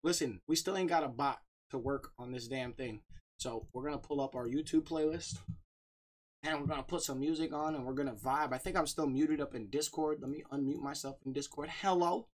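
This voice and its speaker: A man's voice: a little high, a little fast. A man hosting a casual livestream, chatting upbeat and greeting viewers by name. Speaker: streamer.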